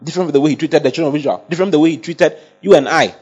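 Husky man preaching a sermon. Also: a little high, racing, a little mellow. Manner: emphatic, asks the congregation for assent. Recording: dull lo-fi sound.

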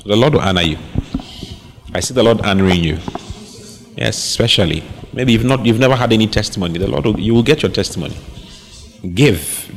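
A man preaching a sermon on giving, repeating phrases for emphasis and reading scripture aloud. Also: lowish voice.

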